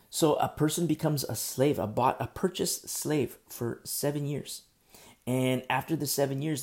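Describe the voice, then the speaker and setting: A man preaching an earnest, animated sermon, speaking through a sore throat. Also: medium pitch, gravelly. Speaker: pastor.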